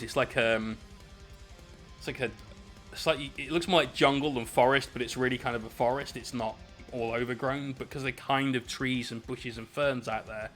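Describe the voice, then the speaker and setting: A man's voice: medium pitch, sharp tone. A British man casually telling a rambling, swear-filled story while painting miniatures on stream.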